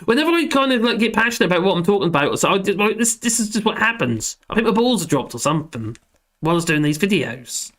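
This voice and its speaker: A hoarse man rambling and joking through a casual livestream chat, reading out comments. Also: sits high, sing-song, fast, a bit bright. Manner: rambling, self-deprecating, laughs often. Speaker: livestream host.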